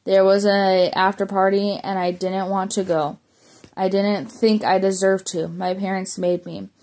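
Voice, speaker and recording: A woman's voice: mid-range voice, flat delivery, unhurried, a little mellow. A woman reading a memoir aloud as an audiobook, plainly, with small slips and self-corrections. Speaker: audiobook reader.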